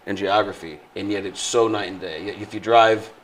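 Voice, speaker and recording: A man's voice: lowish voice, steady tone. Rambling, joking Midwestern man. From Illinois, Midwest. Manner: joking, rambling, does quick mock accents. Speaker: podcast co-host. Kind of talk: casual banter.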